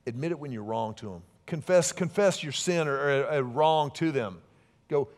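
Preaching man with a higher voice. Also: moderate pace. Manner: conversational preaching with warm asides and dynamic swings from loud to soft. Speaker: pastor. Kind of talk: sermon.

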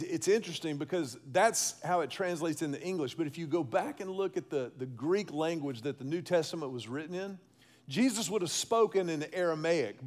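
Animated, high-voiced male pastor preaching. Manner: animated, emphatic, calls on the congregation. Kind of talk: sermon.

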